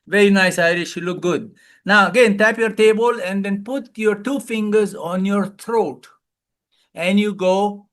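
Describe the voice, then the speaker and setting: A man coaching a live webinar, loud and playful, calling out repeated commands and leading laughter exercises over a video call. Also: high-pitched, unhurried. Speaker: wellness coach, webinar speaker.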